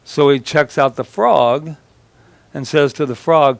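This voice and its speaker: A man's voice: fairly high pitch, steady tone, slow, creaky, no room sound. A male pastor giving a conversational sermon at a church service, joking with the congregation and telling stories with animation.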